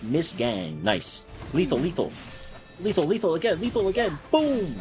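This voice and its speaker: A young man in casual live game commentary, voice sitting a bit high and swinging widely in pitch as he gets worked up. He chants single words in rapid bursts and swears freely, with faint game music running underneath. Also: huge pitch swings, darkish tone. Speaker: game streamer.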